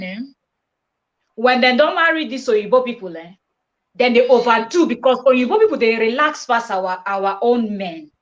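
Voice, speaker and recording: A woman's voice: on the high side, dull audio. A woman from Nigeria with a Nigerian accent, talking animatedly on a live-stream panel and slipping into Pidgin. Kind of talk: casual live-stream discussion.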